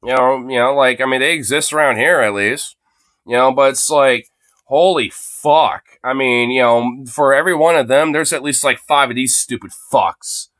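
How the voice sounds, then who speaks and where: A man in his late twenties rants angrily into his phone, swearing constantly and leaning on filler words. His voice sits at a mid pitch. The sound is close and dry, with no room echo. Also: moderate pace, a bit bright. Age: late 20s. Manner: profane, heavy fillers like "you know" and "dude". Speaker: livestreamer. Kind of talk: angry ranting monologue.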